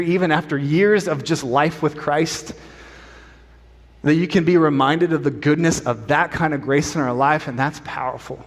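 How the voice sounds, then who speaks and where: A middle-aged man preaching a sermon as a pastor, an animated, self-deprecating storyteller, in a church sanctuary. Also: on the high side. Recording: long church hall reverb.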